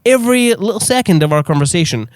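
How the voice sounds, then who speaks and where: Male podcast host, bright and animated, slightly high voice, dry close sound. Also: fast, no echo. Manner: excitable, swears freely, laughs often. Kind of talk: casual podcast chat.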